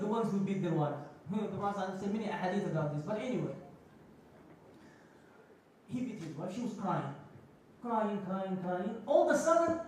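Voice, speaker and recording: A man's voice: high-pitched, a little mellow, a little hiss or hum. A man giving a Friday sermon in a mosque, telling stories with acted quotes and phrases. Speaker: khutba speaker. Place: mosque prayer hall. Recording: echoey hall, distant mic.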